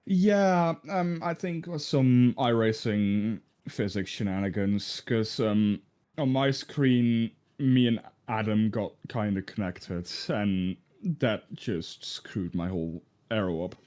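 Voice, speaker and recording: A man's voice: fairly low pitch, slow, a little mellow. A man talking casually about his races as a sim racing driver in a post-race interview. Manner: casual, laid-back, chuckling.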